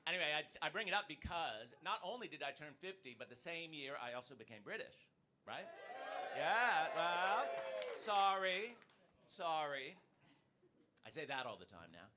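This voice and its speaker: An American man in his fifties performing a stand-up comedy set, swinging between low asides and loud bursts. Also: expressive, fast talker, noisy background. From United States. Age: 50s. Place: comedy club stage before a live audience.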